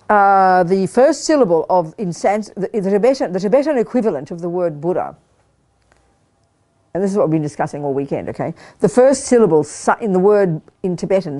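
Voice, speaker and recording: A woman's voice: fairly low pitch, dark tone. An older woman giving a Buddhist teaching to a live group, emphatic and repeating words for stress, often checking that listeners follow. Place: meditation hall of a study group.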